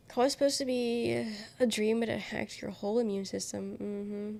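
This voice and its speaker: A woman's voice: medium pitch, steady tone, unhurried, vocal fry, darkish tone, slight background noise. A young woman streaming live while sick, her voice coming out nasal and congested. She rambles casually to her viewers, giggles often and swears without a second thought.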